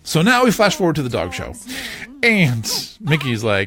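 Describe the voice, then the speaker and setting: A man hosts a family podcast, retelling a cartoon scene by scene with big swings in his voice. His pitch leaps around wildly as he acts out the characters, and faint music sits behind him. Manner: animated, laughs often, quick voice swings for quoted characters. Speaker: podcast host.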